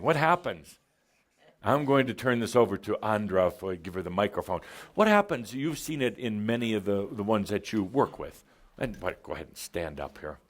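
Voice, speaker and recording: A man giving a live channeled spiritual talk to an audience, playful and theatrical, often laughing and teasing the people in the room. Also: fairly low pitch. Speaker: channeler addressing a spiritual group.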